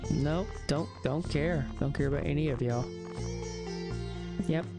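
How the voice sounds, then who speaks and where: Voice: mid-range voice, unhurried. A gaming streamer giving live-stream commentary, muttering to themselves, counting aloud and swearing when things go wrong. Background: game music.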